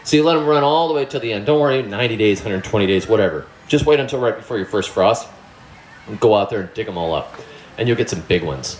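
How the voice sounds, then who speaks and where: A man's voice: on the low side, expressive, fast talker, echoey room, slight background noise. A middle-aged man giving a loose, joking gardening talk to a live audience. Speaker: gardening presenter.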